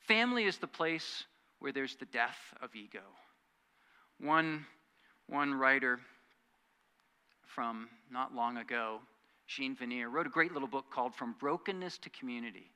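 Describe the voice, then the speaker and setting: A man preaching a sermon as pastor, earnest, swinging from loud emphatic lines to quiet, hushed asides. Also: on the high side, smooth.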